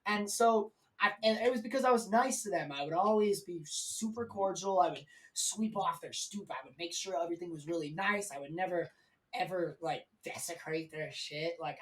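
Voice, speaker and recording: A man's voice: a little high, distant mic, rough recording. A man speaking as a guest on a live stream, telling his story in a candid, rambling way with plenty of swearing.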